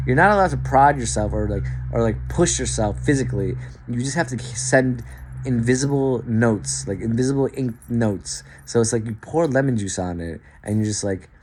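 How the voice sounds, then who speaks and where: A man's voice: medium pitch, lively intonation, moderate pace. A man talking straight to the camera in a loose stream of thought. He swears freely and keeps tripping over and restarting his sentences. His voice drops to muttered asides and then jumps up for emphatic bursts. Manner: profane, stream-of-consciousness, many restarts and stumbles; swings between quiet asides and emphatic outbursts. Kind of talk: rambling monologue to camera.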